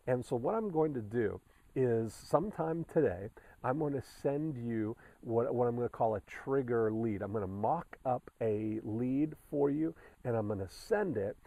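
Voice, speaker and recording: Mellow-voiced man coaching step by step. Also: medium pitch, dry recording, poor audio. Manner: instructive, methodical, repeats steps with frequent fillers. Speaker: sales coach. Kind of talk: recorded coaching update.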